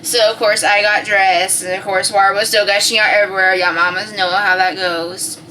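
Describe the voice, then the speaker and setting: A woman's voice: mid-range voice, level tone, normal speed, recorded from a distance, slight background noise, rough recording. A woman, telling a personal story to camera in casual, profane chat. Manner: chatty, swears freely, acts out quotes loudly. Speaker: vlogger.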